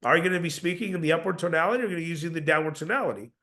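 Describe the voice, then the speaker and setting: A man's voice: fairly high pitch, rapid-fire, bright, forceful tone. A man coaching door-to-door salespeople, emphatic and confident, often repeating words as he starts a sentence. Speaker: sales trainer.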